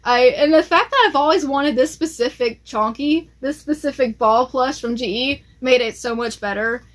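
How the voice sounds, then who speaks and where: Chatty, excitable high-voiced woman. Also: moderate pace. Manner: chatty, excitable, lots of fillers. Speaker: collector vlogger. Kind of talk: casual show-and-tell chat.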